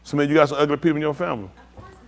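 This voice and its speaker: A man's voice: fairly high pitch, rapid-fire, creaky, crowd noise. An older man hosting a live stream, telling joking stories in casual chat and mimicking other people's voices.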